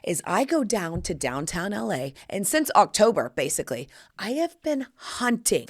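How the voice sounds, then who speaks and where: Animated brassy woman podcast host. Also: medium pitch. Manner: animated, brassy storytelling with playful asides. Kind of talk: casual chat.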